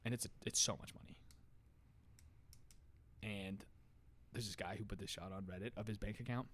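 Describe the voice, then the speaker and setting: A young man in casual podcast chat, animated and swearing freely, his voice jumping up when he gets worked up. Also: lowish voice, moderate pace. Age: young adult.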